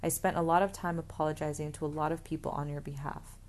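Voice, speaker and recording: A woman reading the part of a middle-aged mother with a dry, matter-of-fact manner in an audiobook, in a low voice. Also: fairly even intonation, quick pace, darkish tone, natural voice. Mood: stern.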